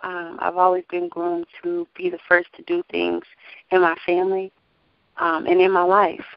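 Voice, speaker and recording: A lively woman singer speaks in an interview with lots of energy, laughing as she talks. The sound is a bit muffled and dull. The room gives almost no echo. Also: lowish voice, moderate pace. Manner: animated, testifying, laughs often. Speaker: gospel singer and label owner. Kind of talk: casual interview talk.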